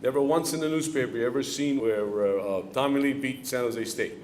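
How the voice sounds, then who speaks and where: A man's voice: mid-range voice, fairly quick, a little mellow, a little hiss or hum. A middle-aged man, a head football coach, answering audience questions at a club luncheon in a plainspoken way and repeating key lines for emphasis. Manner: plainspoken, coaching-talk rhythm. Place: event hall before a live audience.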